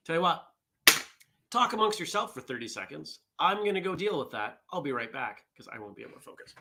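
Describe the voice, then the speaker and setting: A man's voice: a little high, big pitch swings, a little fast, gravelly, sharp tone, slight background noise. A man hosting a casual live morning vlog show, chatting with viewers and reading their comments and jokes aloud. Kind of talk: casual live-stream chat.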